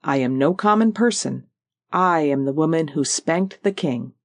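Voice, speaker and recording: An audiobook narrator voicing a proud, tall old Highland widow with a Scottish Highland accent and a rich, powerful, lilting voice. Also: expressive, moderate pace, no echo, studio quality, natural voice. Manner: stately, lilting, repeats "oh yes".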